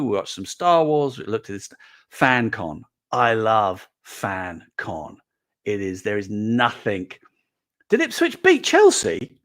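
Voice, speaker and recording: A man hosting a toy collecting show, chatting animatedly and acting out quoted voices as he tells stories. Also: fairly low pitch. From England. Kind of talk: casual monologue to camera.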